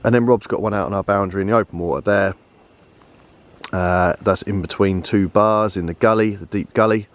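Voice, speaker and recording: A man chatting casually to camera while fishing outdoors, relaxed and easygoing, calling his friend mate. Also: lowish voice, fairly quick, muffled recording. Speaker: vlogger and angler. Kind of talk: casual fishing vlog chat. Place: lakeside fishing swim outdoors.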